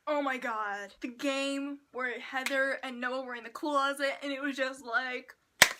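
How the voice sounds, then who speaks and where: A young woman with a high, sharp, bright voice reviews a book in a loose, chatty way. She gushes with excitement and slips into whispered asides. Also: moderate pace, a little hiss or hum. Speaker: book vlogger. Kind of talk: casual book review chat.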